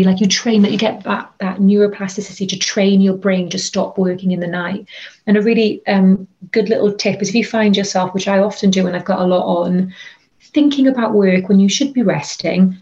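Chatty woman coaching on burnout. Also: mid-range voice. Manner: chatty, animated advice-giving with many fillers. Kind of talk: interview conversation. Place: bedroom. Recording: slightly dull lo-fi audio.

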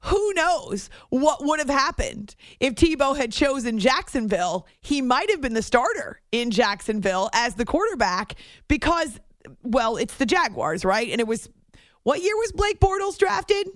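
A woman hosting a sports radio show, telling a story on air in a chatty, animated way that often breaks off mid-sentence. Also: sits high, a little slow, no echo, clean studio sound. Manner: chatty, animated, self-interrupting. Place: radio studio. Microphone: studio microphone.

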